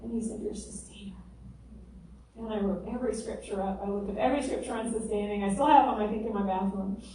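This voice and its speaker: A woman's voice: mid-range voice, quick pace, mellow. A middle-aged woman giving an earnest, emotional faith testimony to a mothers' group. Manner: earnest and emotional, acting out her own cries. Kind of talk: testimony sermon. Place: large echoey room. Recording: roomy hall, voice from far off, faint noise.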